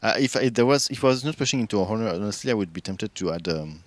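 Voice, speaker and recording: A male streamer with a lowish voice talks casually while he plays, rambling through false starts and thinking aloud. His voice is close to the mic and dry, with no room sound behind it. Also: expressive, quick pace, dry recording. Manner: rambling, many restarts, chats with viewers while thinking aloud.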